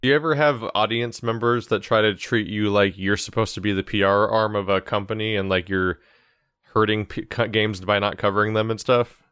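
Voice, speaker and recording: Smooth low-voiced young man, dry sound. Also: fairly even intonation, a little fast, a bit bright, no echo. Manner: stumbling, restarting sentences. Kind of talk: casual podcast chat.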